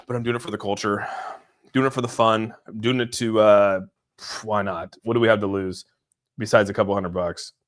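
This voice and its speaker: A young man hosting a casual crypto livestream. He rambles, laughs often, reads viewer comments aloud and thinks out loud while watching price charts. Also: on the low side, steady tone, normal speed.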